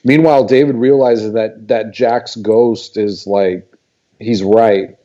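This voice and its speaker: A man's voice: lowish voice, fairly even intonation, slow pace, dark tone, lo-fi sound. A man co-hosting a film podcast, summarizing plots in a rambling way with many fillers. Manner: rambling plot summary, many you-knows. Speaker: podcast co-host. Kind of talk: casual film review chat.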